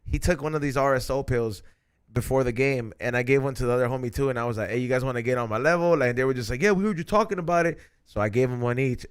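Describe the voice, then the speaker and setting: Casting: male podcast host, excitable storyteller, street slang, mid pitch. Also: clear, resonant tone. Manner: animated storyteller, slangy, swears. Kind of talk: casual chat.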